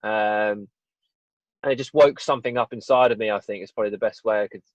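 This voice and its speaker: A man's voice: on the low side, steady tone, fast talker, no room sound. Young male guest, candid storyteller, restarts often, muffled lo-fi audio. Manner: rambling, candid, frequent restarts. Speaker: guest, fitness business owner. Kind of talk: casual podcast interview. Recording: dull dry lo-fi audio.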